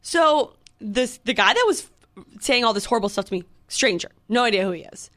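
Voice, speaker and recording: A woman's voice: a little high, fairly quick. Chatty young woman telling a story. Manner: animated storytelling, full of fillers and quoted back-and-forth. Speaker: podcast co-host. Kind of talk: casual chat.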